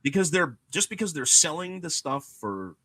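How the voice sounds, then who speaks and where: Man, podcast host, animated rant, lively swinging pitch, dry close sound. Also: moderate pace, no echo. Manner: animated, ranting, lots of "you know" and "guess what". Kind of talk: casual chat.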